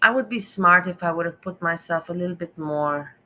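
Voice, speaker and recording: Woman streamer, sarcastic and rambling, a bit low with a bright edge. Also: a little fast, poor audio. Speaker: stream host. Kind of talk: commentary.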